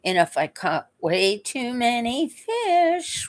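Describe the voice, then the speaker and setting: A woman telling stories from her past in a casual, unhurried way, chuckling now and then between memories. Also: a little high, very animated. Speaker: vlogger. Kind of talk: casual storytelling.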